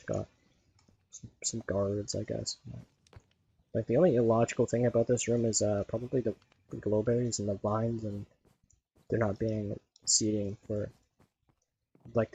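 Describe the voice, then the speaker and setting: A man's voice: lowish voice, creaky, dark tone, a little hiss or hum, rough recording. A man giving casual gameplay commentary, rambling and leaning heavily on "like" as a filler. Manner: rambling, heavy use of "like". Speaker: gaming video creator.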